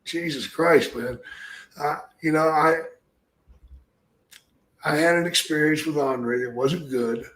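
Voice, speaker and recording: A man, a retired pro wrestler, telling gruff, profanity-laced stories in casual podcast chat. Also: a little high, slow, long pauses, fairly bright tone, roomy sound. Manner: gruff, profane, rambling anecdotes.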